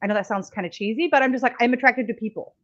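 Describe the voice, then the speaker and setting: A woman co-hosting a podcast, chatting candidly with quick reactions and easy laughter. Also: a little high, a bit bright, dull audio. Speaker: podcast co-host. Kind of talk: casual chat.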